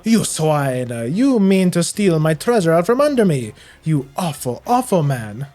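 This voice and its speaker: A man's voice: a little high, very animated, unhurried, mellow. A man voicing a vain, flamboyant male merchant with a put-on Spanish accent, reading a game's dialogue aloud. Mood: grandiose. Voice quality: flamboyant, grandiose, dramatic.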